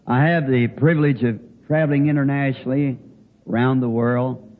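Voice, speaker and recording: An older man preaching in a folksy way, telling a homespun story with halting restarts. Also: mid-range voice, fairly even intonation. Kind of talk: folksy sermon anecdote. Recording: tinny phone-like old recording with faint hiss.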